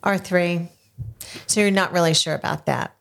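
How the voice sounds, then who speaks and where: An older woman hosting a casual podcast interview, gently coaxing answers with leading questions from a studio. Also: on the low side, steady tone, normal speed, creaky. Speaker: podcast host. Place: home studio.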